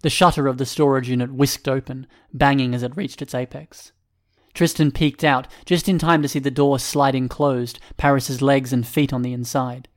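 A man narrating a story in a steady, measured reading voice. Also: medium pitch. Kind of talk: scripted narration.

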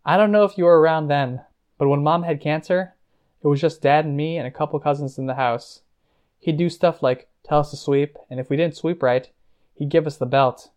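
A man's voice: fairly high pitch, moderate pace, a little mellow, close to an everyday voice. A man voicing a blunt young woman, a worried cousin who pushes with exasperated questions. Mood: frank.

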